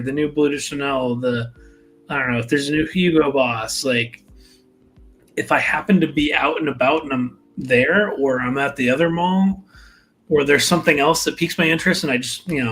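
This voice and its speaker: A man's voice: fairly high pitch, fairly bright tone. A man hosting a live fragrance chat, talking in a rambling, laid-back way full of fillers. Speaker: fragrance channel host.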